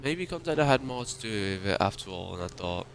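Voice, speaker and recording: A man's voice: on the low side, sing-song, a little fast, gravelly, slight background noise. A man ranting in an upset, emotional way and swearing often, as a YouTuber talking to his viewers. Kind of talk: ranting monologue.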